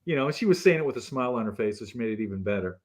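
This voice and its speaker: Animated male storyteller. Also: fairly low pitch, very fast. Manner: animated storyteller who acts out the people in his stories. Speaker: guest. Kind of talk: casual anecdote telling.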